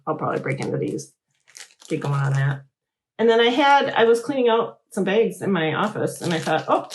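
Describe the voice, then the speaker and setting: A middle-aged woman hosts a relaxed crafting chat. She rambles from one thing to the next in an animated, friendly way. Her voice sits slightly low for a woman. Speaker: host. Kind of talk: casual chat.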